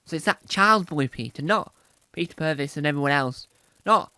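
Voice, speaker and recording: Vlogger, rambling casual commentary, mid pitch, restarts a lot, dry close mic. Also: expressive, normal speed, clean tone, no echo. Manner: rambling with many restarts and sudden loud emphasis.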